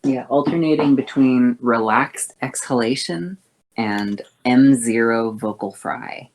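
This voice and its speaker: A woman voice coach talks slowly, with a gravelly, creaky edge in her voice. She explains vocal exercises haltingly, stopping often to correct herself. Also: extremely low pitch, darkish tone. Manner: halting, with many fillers and self-corrections. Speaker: voice teacher.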